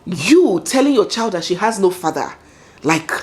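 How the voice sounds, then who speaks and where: A Nigerian woman hosts a chatty commentary vlog, her pitch swooping up and down as she dramatizes each point. She talks to herself and laughs between remarks, and her voice sits at an everyday middle pitch. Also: sing-song, normal speed, darkish tone.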